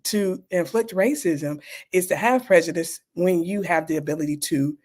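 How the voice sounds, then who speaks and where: A woman's voice: fairly low pitch, normal speed, a little mellow. A middle-aged woman doctor, a guest in an interview, telling personal stories candidly and acting out the people she quotes.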